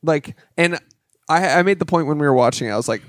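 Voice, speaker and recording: A man's voice: fairly high pitch, quick pace, no room sound, studio quality. A man co-hosting a casual movie podcast, rambling and swearing, often acting out what he heard. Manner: rambling, acts out quotes, swears. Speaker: podcast co-host. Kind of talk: casual chat.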